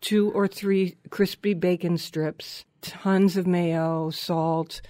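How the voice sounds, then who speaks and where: A man in a casual food chat, talking at an unhurried pace as he lists ingredients one by one. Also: sits high, steady tone, darkish tone, dry recording, clean studio sound.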